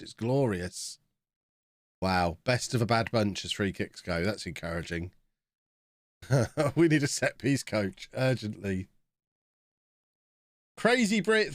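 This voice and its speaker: Male streamer, thirties, mid pitch, dry close sound, loose casual chat reacting to the match. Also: expressive, unhurried, pauses often, no room sound. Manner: chatty, reacting to the game as it plays. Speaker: game streamer.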